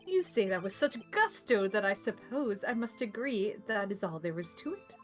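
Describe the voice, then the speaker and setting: A woman voicing a cool, haughty male prosecutor in a measured, composed manner as she reads game dialogue aloud. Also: mid-range voice, lively intonation, faint music behind, lightly acted.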